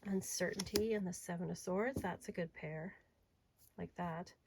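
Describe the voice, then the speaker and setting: An adult woman showing off her tarot and oracle decks in a casual video, chatty and enthusiastic, sometimes dropping to a soft murmur. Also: fairly low pitch, fairly even intonation, moderate pace, background noise. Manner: chatty and enthusiastic, drifting to soft murmurs while handling cards. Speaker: tarot reader and deck reviewer. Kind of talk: casual show-and-tell video.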